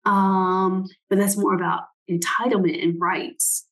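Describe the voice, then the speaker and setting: A woman's voice: mid-range voice, level tone, a little slow, fairly bright tone, low-quality recording. A woman giving a casual, reflective talk, thinking aloud as she reads passages from a book, with many "like"s and "right?"s.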